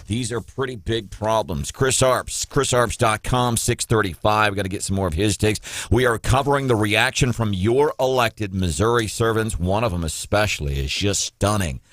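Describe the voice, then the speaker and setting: A man's voice: lowish voice, moderate pace, hardly any pauses, a bit bright, no room sound, studio quality. A man hosting a morning talk radio show, giving sarcastic, combative commentary on the news. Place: radio studio.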